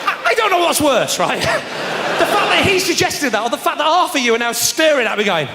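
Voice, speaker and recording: A man doing live stand-up comedy, telling a sarcastic story in an animated way with shouted punchlines. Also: extremely high pitch, a little fast. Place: large theatre stage with audience. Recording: live hall recording with reverb and crowd noise.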